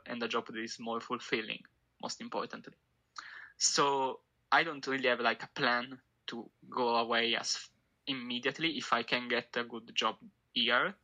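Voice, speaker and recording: A young man with an Italian accent speaks as a podcast guest in a casual, halting way, leaning on fillers as he talks. His voice is gravelly and very bright, sitting at a middling pitch. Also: rough recording. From Italy. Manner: halting, with frequent fillers and laughs. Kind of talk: casual remote interview.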